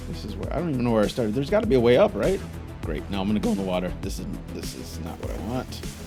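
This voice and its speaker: A man giving frantic live gameplay commentary, exclaiming and frustrated, later calmly narrating. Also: fairly low pitch, fast, over music. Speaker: gaming YouTuber.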